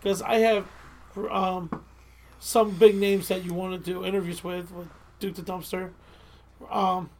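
A woman's voice: lowish voice, level tone, measured pace, a little mellow, a little hiss or hum. Rambling Delco-accented woman podcaster. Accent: Delco (Delaware County, Pennsylvania). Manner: rambling, self-interrupting, apologetic. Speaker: podcast co-host. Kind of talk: casual podcast chat.

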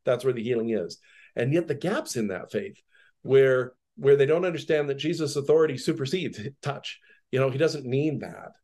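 A man's voice: mid-range voice, moderate pace, dark tone. Chatty male podcast Bible teacher. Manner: conversational, laughs often, reads a passage then comments.

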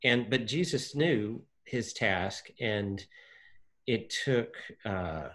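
Guy chatting about the bible, lively, acts out the quotes, lots of ums. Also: fairly low pitch, drawn-out words. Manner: animated, acts out quotes, many fillers. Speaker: Bible discussion co-host. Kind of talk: casual Bible study chat.

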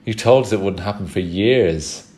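A man doing a sporty schoolgirl from a storybook, quick to question things and easily indignant. The voice is lifted in pitch and louder than the narration, while still fairly low for a girl. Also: lightly acted.

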